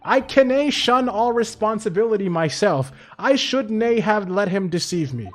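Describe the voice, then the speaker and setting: A man reading a defensive older male prison governor aloud from a game, in a halting put-on Scottish dialect. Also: high voice, animated, soft background music. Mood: gruff.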